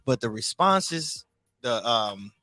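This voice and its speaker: A man with a bright, forceful voice reflects aloud in a casual chat. He speaks thoughtfully and haltingly, pausing and restarting as he works out his ideas. The sound is dry and close to the mic. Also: mid-range voice, big pitch swings, no echo.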